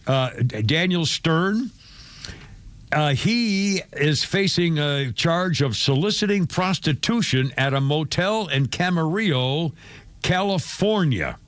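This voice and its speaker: A man's voice: on the high side, a bit bright, no echo. A man hosting a radio show, rambling through showbiz news in a casual chat with many fillers and chuckles.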